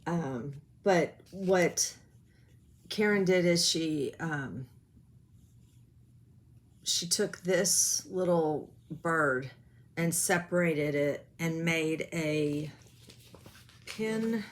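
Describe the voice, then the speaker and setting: A woman with a low voice talks extremely slowly and pauses often as she chats about her stitching projects. It's a casual show-and-tell from a cross-stitch vlogger, rambling and self-deprecating, with lots of ums.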